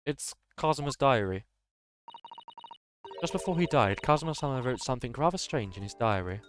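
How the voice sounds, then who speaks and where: A man's voice: mid-range voice, expressive, moderate pace, faint music behind, lightly acted. A man voicing a polite young female assistant. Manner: courteous, formal speech.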